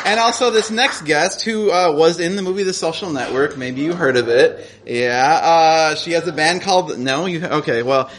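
A man's voice: fairly high pitch, normal speed, few pauses, fairly bright tone. A man hosting a live storytelling show, introducing the next speaker with loose, joking asides. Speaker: host. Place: coffee shop stage. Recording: noisy live room with crowd.

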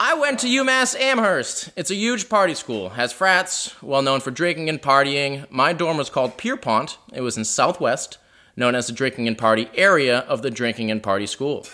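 A man's voice: mid-range voice, animated, normal speed, bright, forceful tone. A man telling a wry, self-deprecating personal story at a live house show in a living room.

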